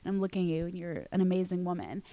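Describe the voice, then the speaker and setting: A woman hosting a casual interview chat, asking questions and affirming her guest often. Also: on the low side. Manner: warm affirming interviewer, quick yeahs. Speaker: podcast host.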